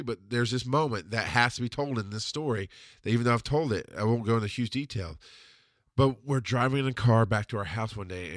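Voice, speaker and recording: A man telling a personal story in a blunt, profane, confessional monologue, dropping to a murmur and then bursting out loudly. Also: no room sound. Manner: blunt and profane, swings from low murmur to loud outbursts. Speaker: podcast host answering a listener question.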